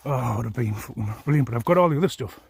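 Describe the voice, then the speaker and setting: A man delivers a long, rambling vlog rant, swearing freely and sounding deeply aggrieved. His voice sits in an ordinary middle pitch and has a husky, rough edge. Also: lively intonation, rapid-fire, dry recording. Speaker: vlogger. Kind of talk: angry personal rant.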